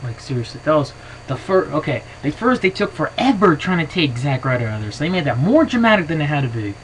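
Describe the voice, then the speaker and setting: A man giving his opinions in a casual vlog to his camera. He rambles excitably and fills his talk with "you know". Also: fairly high pitch, fast, slight background noise, rough recording. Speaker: wrestling vlogger. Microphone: built-in camera mic.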